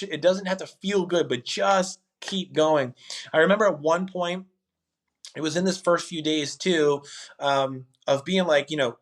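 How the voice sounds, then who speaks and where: A man in his thirties co-hosting a podcast in casual chat, earnest and animated, often acting out quoted lines. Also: sits high. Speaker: podcast co-host.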